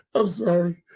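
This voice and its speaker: Imam, male, chatty and animated storyteller, laughs a lot. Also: sits high, creaky. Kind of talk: casual talk after dawn prayer.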